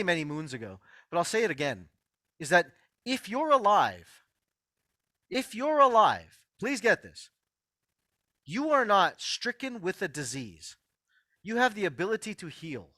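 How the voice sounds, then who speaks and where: Bright, animated man lecturing emphatically. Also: high-pitched, no echo. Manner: emphatic, repeats key phrases, addresses listeners directly. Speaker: host of an online healing workshop. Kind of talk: motivational health lecture.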